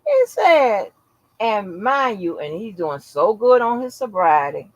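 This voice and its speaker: A woman telling a story to her channel in loose, casual chat, swearing freely and acting out what people said. Her pitch swings widely as she talks, and the sound is dry and close, with no room echo. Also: takes it slowly. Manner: animated, profane, acts out quotes. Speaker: channel host.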